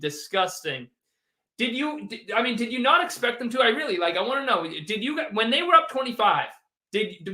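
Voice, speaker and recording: A man's voice: sits high, sharp tone. A man hosting a postgame sports livestream, reading viewers' chat and ranting in an exasperated, sarcastic way. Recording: roomy echo.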